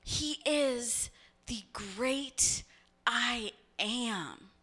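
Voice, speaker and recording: Lady pastor preaching, kinda high voice, bright, acts out little voices in her stories. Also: drawn-out words. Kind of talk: sermon.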